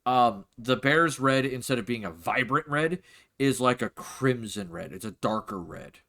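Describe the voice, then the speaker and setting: Bright-voiced male game master. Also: medium pitch, unhurried. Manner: casual, chatty, with frequent fillers. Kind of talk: narrating a tabletop game.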